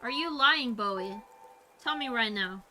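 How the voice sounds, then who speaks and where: A young woman streamer chatting casually and reading her live chat aloud, animated and giggly. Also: a little high, measured pace, noisy background. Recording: music playing behind.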